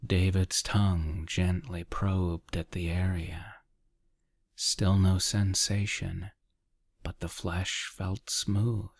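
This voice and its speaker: A man narrating a dark short story as a soft, half-whispered ASMR reading close to the mic. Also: deep voice, flat delivery, vocal fry, dry recording. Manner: quiet, half-whispered, measured.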